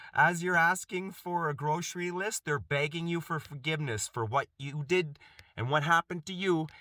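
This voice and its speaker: A man's voice: fairly high pitch, pushed and bright, no echo. A middle-aged man giving an earnest, impassioned self-help monologue, often restarting and repeating phrases.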